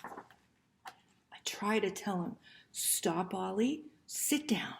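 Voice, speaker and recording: Slow, gentle woman reading a picture book. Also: mid-range voice, expressive, gravelly, a little hiss or hum. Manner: gentle, soft-spoken, talks to children with questions. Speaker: children's librarian.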